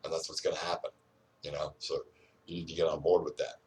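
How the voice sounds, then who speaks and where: A man's voice: very deep voice, level tone, fast, recorded from a distance, a little hiss or hum. An older man rambling and ranting outdoors, full of "you know" fillers. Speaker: vlogger.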